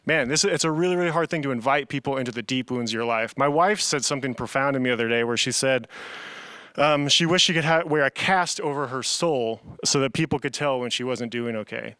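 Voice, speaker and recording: A man's voice: medium pitch, fairly quick, pushed and bright, clean tone, no echo. A young man preaching a casual, earnest youth sermon, often saying "man" to his listeners. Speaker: youth pastor.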